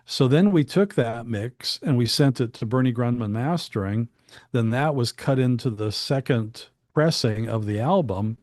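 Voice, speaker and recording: A man at a medium pitch tells studio anecdotes in an easygoing, rambling way. He often restarts his sentences and adds asides. The recording is dry and close, with no room sound. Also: normal speed, a little mellow, no echo. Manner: chatty, with frequent restarts and asides. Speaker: guest recalling studio work. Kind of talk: casual anecdotal storytelling.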